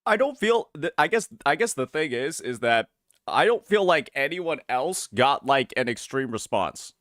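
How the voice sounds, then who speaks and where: A man's voice: medium pitch, big pitch swings, normal speed, fairly bright tone, dry recording, studio quality. A man streaming a reaction to a video, talking casually and hesitantly, often restarting his sentences and asking questions.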